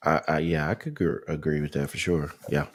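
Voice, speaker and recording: A man's voice: rumbling low, level tone, brisk. A man on a gaming podcast panel, chatting easily and agreeing with the others. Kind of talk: casual panel chat.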